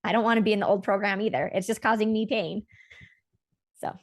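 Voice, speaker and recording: A woman's voice: mid-range voice, a little fast. Woman, podcast host, earnest, rambling, casual spiritual talk. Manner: earnest, rambling, animated about feelings.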